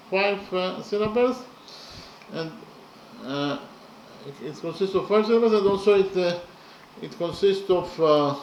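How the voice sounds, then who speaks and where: A man explaining verse slowly and methodically, counting syllables and letters aloud with many pauses. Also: sits high, a little mellow, reverberant, slight background noise, low-quality recording. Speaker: poetry lecturer. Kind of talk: methodical spoken analysis of verse.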